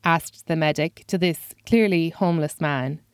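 A woman's voice: sits low, unhurried, clear, resonant tone, dry recording. A woman comedian telling a first-person comic story in a dry, self-deprecating way.

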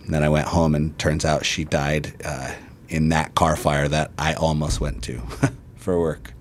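A man's voice: rumbling low, level tone, a little slow, slight background noise. A man, a firefighter, casually recounting a personal memory with fillers. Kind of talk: personal recollection.

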